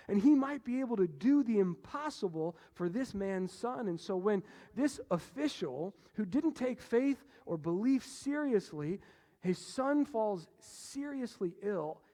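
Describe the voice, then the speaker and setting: A man delivering a sermon from a church stage, his fairly high voice carrying long reverberation around the sanctuary. He drives points home with loud bursts, then drops to a hushed low tone to draw listeners in. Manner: animated, swings between loud emphasis and hushed low passages. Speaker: pastor.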